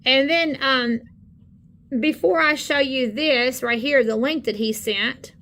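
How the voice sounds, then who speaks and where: A woman, co-hosting a channel, talking indignantly and haltingly in casual commentary on videos. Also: high-pitched, a bit bright. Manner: indignant, halting with many fillers. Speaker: channel co-host. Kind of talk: casual commentary on screen content.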